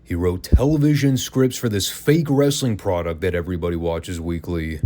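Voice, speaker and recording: A man's voice: low-pitched, moderate pace, mellow. A man hosting a podcast, giving a casual, opinionated and sarcastic wrestling review. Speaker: podcast host.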